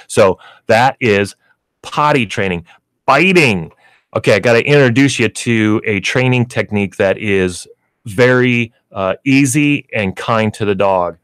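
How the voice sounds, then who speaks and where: A man with a lowish voice hosts a pet store radio show from a radio studio, chatting about pet training and filling his talk with lots of fillers. The recording has no room sound, and it's radio pet advice talk.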